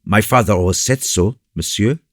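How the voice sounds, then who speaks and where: A man's voice: on the low side, moderate pace, fairly bright tone, dry recording, studio quality, pitched above the performer's own voice. A man voicing a polite, gallant young male officer, reading in an eager, courteous manner.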